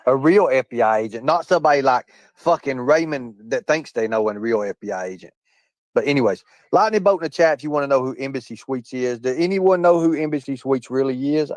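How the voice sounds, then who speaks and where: A man's voice: medium pitch, animated, fairly quick, no room sound. Combative, foul-mouthed male streamer. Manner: combative, swearing, repetitive, addresses chat directly. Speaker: livestream host. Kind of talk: profane live-stream rant.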